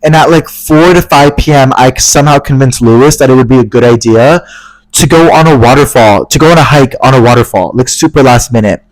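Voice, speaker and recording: A young man in his twenties, co-hosting a casual podcast and telling an animated story full of "like" and "literally". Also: medium pitch, fairly quick, no echo, low-quality recording. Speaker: podcast co-host. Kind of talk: casual chat.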